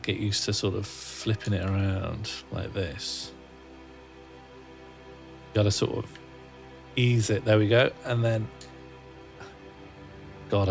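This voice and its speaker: A man, streaming a game and rambling wryly to himself and his chat. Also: on the low side. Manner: musing, rambling self-talk, wry. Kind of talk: casual gaming livestream chat.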